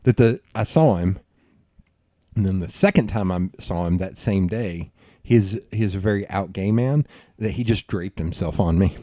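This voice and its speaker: A man hosting a podcast, telling rambling stories in a loose, profane, animated way. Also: sits low, normal speed, dry recording, studio quality. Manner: animated, profane, rambling storyteller who bursts into laughs. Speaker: podcast host. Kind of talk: casual storytelling chat.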